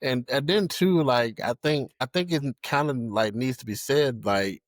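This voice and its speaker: A young man chatting as a podcast guest, halting and full of fillers and restarts. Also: medium pitch, no room sound, studio quality. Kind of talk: casual conversation.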